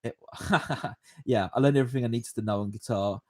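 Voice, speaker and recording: A man's voice: mid-range voice, fairly quick. Rambling man in his twenties. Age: 20s. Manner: rambling, animated, chuckles often. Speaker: podcast host. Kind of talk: casual storytelling, answering viewer questions.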